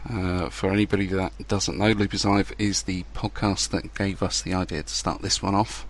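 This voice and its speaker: A man's voice: low voice, level tone, moderate pace, a little hiss or hum. A man hosting a casual podcast, chatty and loose, swearing now and then. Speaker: podcast host.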